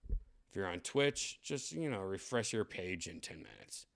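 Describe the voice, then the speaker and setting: A man hosting a live stream, talking casually in a rambling, excitable way with lots of fillers. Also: low-pitched, unhurried, gravelly. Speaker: streamer host.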